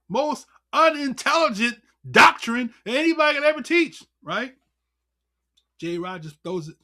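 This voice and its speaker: A man in the role of elder teaching a livestreamed class on scripture and history, speaking, full of rhetorical questions and chuckles. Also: very high-pitched. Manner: animated, rhetorical questions, chuckles, fumbles with notes. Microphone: computer mic on a livestream.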